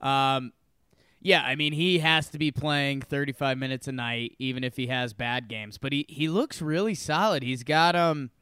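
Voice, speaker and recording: Laid-back co-host man, smooth voice. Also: mid-range voice, moderate pace, no echo, clean studio sound. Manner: relaxed, hesitant, with many fillers. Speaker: podcast co-host. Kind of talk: casual podcast chat about basketball. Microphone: remote call.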